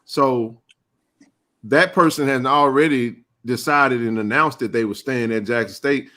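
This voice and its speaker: A man hosts a live sports chat stream in a loose, casual way. He talks in slang and repeats himself while he makes his points. His voice sits at an ordinary middle pitch. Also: measured pace, pushed and bright.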